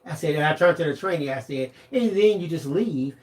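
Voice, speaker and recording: A man's voice: on the high side, expressive, a little fast. A man helping out on a craft livestream, telling a casual story that rambles and repeats itself. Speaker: co-host helping with digital images.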